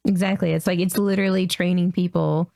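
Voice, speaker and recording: A woman's voice: lowish voice, little pitch movement, fairly quick, gravelly, mellow, no room sound. A woman co-hosting a gaming podcast, joking and laughing through casual chat.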